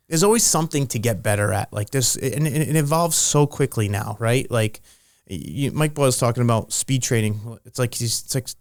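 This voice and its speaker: A man's voice: medium pitch, no room sound. A middle-aged man who coaches strength and conditioning, telling stories in a loose, rambling way full of restarts. His voice sits in an ordinary male range. The recording is dry and close. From Rhode Island. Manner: rambling, restarts often, animated storytelling. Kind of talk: casual podcast interview.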